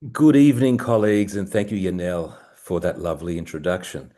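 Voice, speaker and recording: Older aussie guy, really deep voice, a bit croaky, slow careful webinar talk. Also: animated, mellow. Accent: Australian. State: croaky from the early hour. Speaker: webinar presenter. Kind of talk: business webinar presentation. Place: home at night. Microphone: video call.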